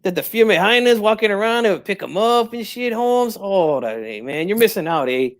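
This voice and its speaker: A man's voice: sits high, expressive, normal speed. Man doing a brash old-school boxing dad. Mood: boastful. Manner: streetwise slang, tags every line with "eh" and "Holmes". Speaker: guest in character.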